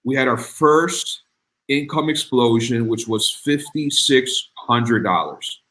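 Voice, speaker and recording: A man's voice: slow, pushed and bright. A man telling his story as an interview guest, acting out the dialogue with big leaps in his voice. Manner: acts out dialogue, voice jumping high. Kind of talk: animated storytelling.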